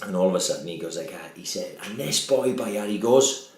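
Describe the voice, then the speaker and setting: A man co-hosting a boozy podcast chat, swearing freely and telling lively anecdotes. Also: sits low, a little fast. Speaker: podcast co-host. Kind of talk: boozy casual chat, storytelling. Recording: echoey room.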